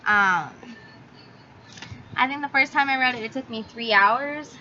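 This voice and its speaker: A woman's voice: a little high, a little slow, pushed and bright. A young woman reviewing a book in a casual vlog, talking in a chatty, filler-heavy way and swearing freely. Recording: slightly dull audio with faint hiss.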